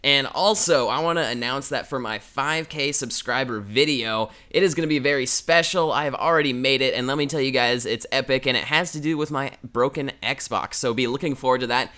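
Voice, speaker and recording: A young man with a bright, forceful voice tells a story in a casual vlog. He is animated and acts out the voices of the people in his story with big pitch jumps. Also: fairly quick, few pauses. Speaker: gaming channel host.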